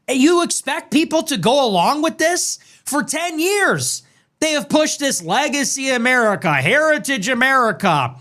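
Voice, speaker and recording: A man delivers heated streamer commentary, sarcastic and mocking, hammering his points with emphasis. His voice sits high and swings widely in pitch, lively and animated throughout. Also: a little slow. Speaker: political streamer. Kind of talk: ranting commentary.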